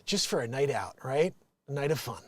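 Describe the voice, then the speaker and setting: A man from New Jersey hosting a show, chatting casually and rambling with many restarts and lively swings. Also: mid-range voice, brisk, dry recording. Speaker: show host. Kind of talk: casual commentary.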